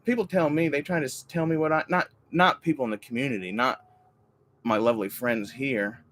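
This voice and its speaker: A man in his forties chatting casually on a livestream while crafting. He rambles, swears often and greets viewers excitably. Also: mid-range voice, a little fast. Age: 40s. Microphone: desk microphone.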